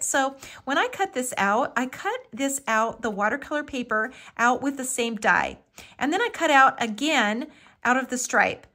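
A woman's voice: a little high, pushed and bright. A middle-aged woman hosting a live papercraft tutorial, chatty and homey, with frequent ums and lots of "little" and "so cute". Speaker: craft tutorial host.

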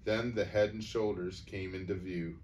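A man reading a humorous story aloud in an unhurried, wry way, with the odd small stumble. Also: low voice, steady tone, a little mellow. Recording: voice from far off the mic, faint noise.

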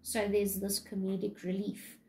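A woman's voice: mid-range voice, monotone, measured pace, a little mellow, slight background noise, rough recording. Chatty woman teacher with fillers. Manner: chatty, many fillers and likes. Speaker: English teacher. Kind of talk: casual lesson retelling a play.

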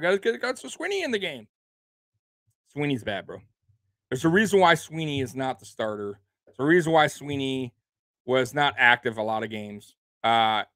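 A man hosts a sports show with a mid-range, fairly bright voice and no echo. He rants angrily about his team, swearing a lot, repeating himself, and tacking "man" and "bro" onto his lines.

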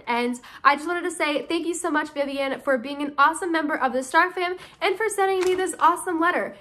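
A woman's voice: high-pitched, bright, forceful tone. A woman in her early twenties, chatting bubbly and gushing as she opens and reads fan mail aloud in a casual vlog. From United States. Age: early 20s. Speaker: YouTuber opening fan mail.

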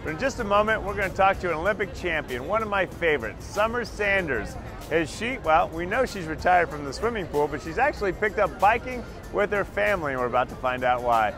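A man's voice: high-pitched, lively intonation, fairly quick, music in the background. A man hosting a TV talk show outdoors in the city, an enthusiastic and friendly interviewer. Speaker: host.

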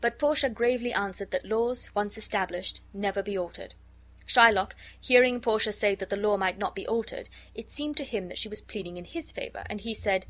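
A woman reading a classic story aloud as an audiobook narrator, in an even, measured way. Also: medium pitch.

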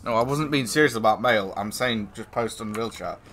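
A man's voice: fairly low pitch, fairly quick, a bit bright, a little hiss or hum. A man, streaming a game and bantering with friends in sweary, teasing talk over a headset. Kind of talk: casual gaming chat.

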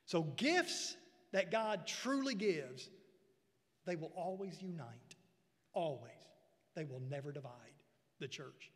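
A male pastor preaches to his congregation, his voice high for a man. He builds loud on repeated phrases, then sinks low and quiet, with folksy asides. The sound rings with a long church-hall reverb. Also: animated, slow, pauses often. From United States. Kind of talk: sermon. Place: church sanctuary.

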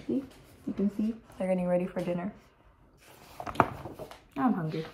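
A teenage girl reads a picture book aloud to young listeners, voicing the characters and tossing in chatty asides. Her warm voice is on the low side, at normal speed with long pauses, and the low-quality recording has a little hiss or hum.

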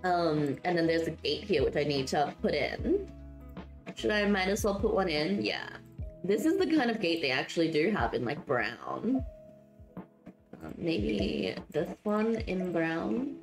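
A woman with a lowish, sing-song voice speaks unhurriedly in an echoey room with faint music behind. Still sleepy and not warmed up after just waking, she giggles and chats casually with viewers while building in a game, reading out and answering their messages.

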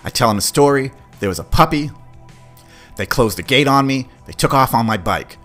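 A middle-aged man, hosting a podcast and telling a story from his childhood in a casual, animated way, swearing freely. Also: mid-range voice, normal speed. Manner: animated, swears, acts out quoted voices. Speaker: podcast host. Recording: faint music behind.

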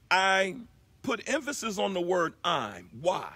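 A man's voice: sits high, big pitch swings, moderate pace, sharp tone, slightly rough, no room sound. A man hosting a live inspirational broadcast, preaching emphatically and repeating his key lines. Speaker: broadcast host.

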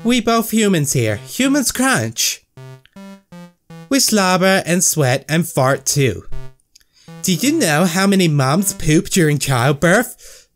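A man's voice: high voice, big pitch swings, takes it slowly, faint music behind, voice pushed up, heavily acted. A man voicing a blunt, oversharing woman coworker who talks in clipped broken sentences and is matter-of-fact about crude topics.

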